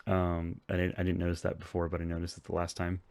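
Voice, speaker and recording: Low-voiced guy rambling thru a movie recap, lots of ums, dry close sound. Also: completely flat delivery, fast, creaky, darkish tone, no room sound. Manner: rambling, many ums and restarts, laughs often. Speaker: podcast co-host recapping a film. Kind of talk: casual chat.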